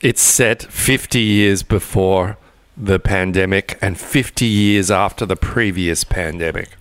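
Man, podcast co-host, dry wit, deep voice, smooth. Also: measured pace, a bit bright, dry recording. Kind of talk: casual podcast chat.

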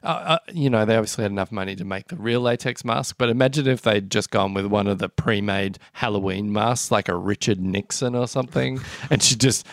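A man's voice: on the low side, brisk, hardly any pauses, no echo, studio quality. A man co-hosting a casual comedy chat, telling a story in a rambling way with many fillers. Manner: rambling storyteller, lots of ums. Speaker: podcast co-host.

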